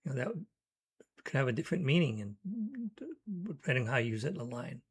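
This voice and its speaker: A man explains his method for writing poems in a thoughtful, teacherly manner, reading short word examples aloud. As a poetry teacher giving an educational talk, he speaks briskly in a mid-range, sing-song voice with a slight roughness.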